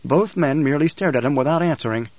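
A man's voice: on the high side, fast, a little mellow, no echo, muffled recording. Man narrating an audiobook, dry sound. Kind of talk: scripted narration.

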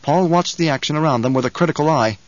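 A man narrating a novel in an even, unhurried storytelling voice. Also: a little high, no echo, lo-fi sound. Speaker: audiobook narrator. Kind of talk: scripted narration.

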